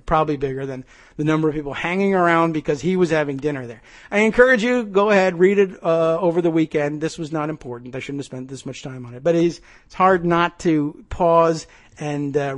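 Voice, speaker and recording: A man hosting a political commentary podcast, talking in a sarcastic, ranting way. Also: a little high. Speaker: podcast host.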